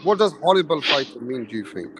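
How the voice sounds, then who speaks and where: A man hosting a podcast in casual chat, blunt and animated, swearing freely. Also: medium pitch, brisk, crowd noise. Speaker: podcast host.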